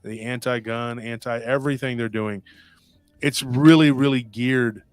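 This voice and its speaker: A man's voice: medium pitch, fairly even intonation, a little slow, clear, resonant tone, no echo, faint music behind. A man talking on a podcast panel in a rambling, emphatic way, with many restarts and asides. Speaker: podcast host. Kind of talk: casual panel talk.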